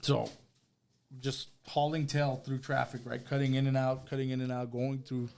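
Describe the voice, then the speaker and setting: A man's voice: mid-range voice, little pitch movement, normal speed, vocal fry, darkish tone, clean tone. A man, a podcast guest telling a personal story in casual conversation, often asking "right?" and saying "bro". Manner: conversational, retells with quoted dialogue, fillers like "right?" and "bro".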